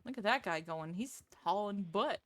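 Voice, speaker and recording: A woman's voice: medium pitch, animated, moderate pace, fairly bright tone, no room sound. A woman streamer chatting casually with her viewers, self-deprecating and laughing often. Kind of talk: casual live-stream chat.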